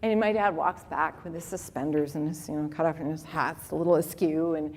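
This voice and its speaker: A woman in her forties giving a conference talk with animated, humorous storytelling. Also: sits low, fairly quick, slight background noise. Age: 40s. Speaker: conference speaker. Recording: long reverb of a hall.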